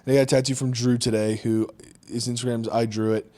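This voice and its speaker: A man with a New Jersey accent co-hosting a casual podcast chat, loud and swearing freely. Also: medium pitch, level tone, quick pace. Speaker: podcast co-host.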